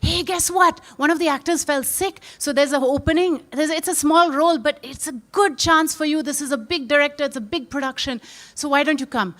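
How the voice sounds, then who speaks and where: A woman voicing a successful male actor excitedly telling his roommate about a role. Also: sits high, brisk, voice pushed up.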